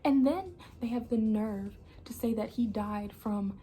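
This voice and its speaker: A young woman gives an impassioned personal monologue, angry and emphatic, repeating herself and often dropping to an intense hush. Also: a little high, measured pace, faint music behind. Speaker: channel host.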